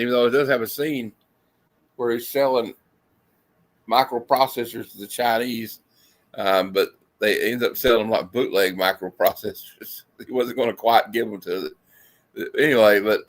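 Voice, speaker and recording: Rambling man hosting a movie chat. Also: on the low side. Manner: rambling, lots of fillers. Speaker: host. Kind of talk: casual movie review chat. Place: home room with lights. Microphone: video call.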